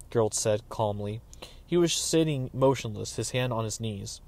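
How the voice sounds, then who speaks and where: A man reading a fantasy novel aloud as narrator, in a measured, even storytelling voice. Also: on the low side. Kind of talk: dramatic audiobook reading.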